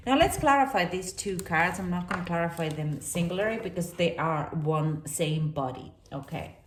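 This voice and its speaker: A woman's voice: on the low side, normal speed, a little hiss or hum. Woman tarot reader, rambling chatty reading, roomy echo. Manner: rambling, filler-heavy, chatty delivery. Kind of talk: casual tarot reading to camera. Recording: echoey room, distant from mic.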